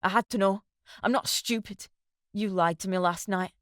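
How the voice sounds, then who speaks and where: A woman voicing a jealous, furious sergeant husband who shouts coarse insults while short of breath. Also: medium pitch, normal speed, no echo, clean studio sound, close to an everyday voice.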